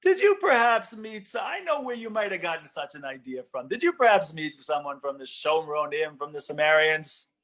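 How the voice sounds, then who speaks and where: A man playing a calm, reassuring old priest in a spoken story. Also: fairly high pitch, fairly quick, hardly any pauses.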